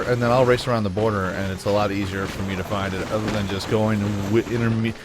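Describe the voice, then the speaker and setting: A man's voice: lowish voice, background noise. Rambling, jokey gaming commentator man. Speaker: gaming YouTuber. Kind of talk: let's play commentary.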